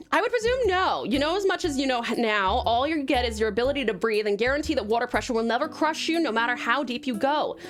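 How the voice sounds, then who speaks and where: A young woman from Australia with an Australian accent tinged with American, chatting bubbly on a live stream, greeting viewers with pet names and laughing often. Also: fairly high pitch. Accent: Australian with American traces. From Tasmania, Australia. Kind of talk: casual live-stream chat.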